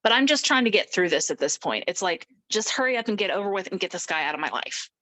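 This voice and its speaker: Appearing as an interview guest, a middle-aged woman tells her personal story at a fast clip in a medium-pitched voice. She's animated and acts out the voices of the people she quotes. The audio quality is poor.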